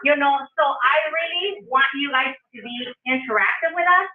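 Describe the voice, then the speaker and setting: Woman, Spanish accent, high-pitched, playful presenter; distant, boomy, phone-thin recording. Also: normal speed. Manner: chatty, playful, jokey. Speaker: speaker, public health trainer. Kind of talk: lively conference talk. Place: conference room. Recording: far-off echoey phone-like audio.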